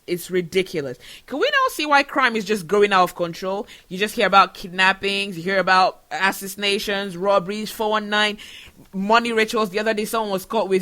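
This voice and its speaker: A woman speaks straight to her audience in an emotional monologue. Her voice is bright and clear, her tone indignant, and she presses her point with rhetorical questions. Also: mid-range voice. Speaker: show host. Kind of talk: impassioned monologue to camera.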